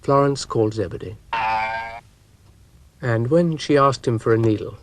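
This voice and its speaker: A man narrating a children's storybook show in an unhurried, gently droll way. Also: medium pitch, slight background noise.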